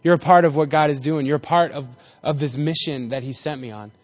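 A man's voice: a little high, fairly quick. A man giving a casual, joking Bible lesson to a group, acting out the people in the story as he goes. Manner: chatty and jokey, acting out voices in the story. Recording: reverberant hall.

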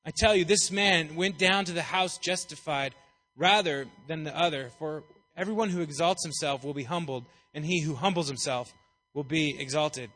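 A man's voice: fairly high pitch, normal speed, pushed and bright. A man preaching a casual, playful sermon, chatty and jokey as he talks through a Bible passage. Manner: playful, chatty, acts out voices.

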